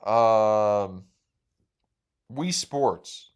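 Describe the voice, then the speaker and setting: Young male podcast host, rambling profane storyteller, excitable. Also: lowish voice, drawn-out words, smooth.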